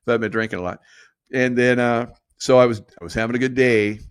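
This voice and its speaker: A man's voice: mid-range voice, steady tone, moderate pace, clean tone, no echo, studio quality. A middle-aged man telling a casual, rambling story with a conspiratorial edge and frequent laughs. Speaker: podcast host.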